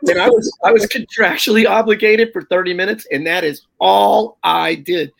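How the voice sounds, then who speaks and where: High, gravelly-voiced middle-aged male comic. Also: moderate pace. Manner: animated anecdote with profanity and quoted voices. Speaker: stand-up comedian guest. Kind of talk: casual storytelling on a podcast.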